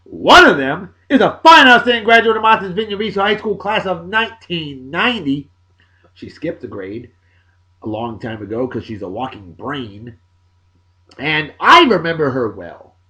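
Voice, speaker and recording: Rattling off casual birthday greetings at normal speed, a video blog host from Massachusetts speaks with a voice on the high side. He's animated and full of jokes, veering from loud bursts into mumbled asides.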